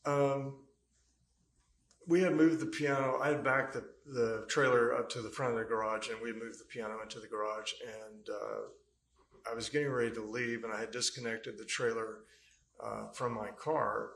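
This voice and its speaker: A man on the witness stand recounts events in a rambling, halting manner, often pausing on fillers. His voice has a gravelly, creaky edge. The courtroom mic picks up noticeable room echo. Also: mid-range voice, fairly even intonation, a bit bright. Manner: rambling storyteller, hesitant with many fillers. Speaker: trial witness. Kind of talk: courtroom testimony.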